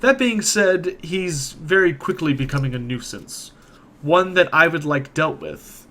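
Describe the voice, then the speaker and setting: A man voicing a scheming male city official who speaks in a measured, insinuating way. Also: fairly high pitch, animated, bright, forceful tone, pitched above the performer's own voice. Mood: sly.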